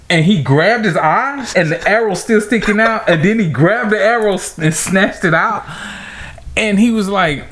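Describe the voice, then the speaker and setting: A man tells a story on a casual podcast, laughing often. His voice sits a little high for a man, and he jumps even higher when he acts out what people said. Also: slight background noise. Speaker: podcast co-host.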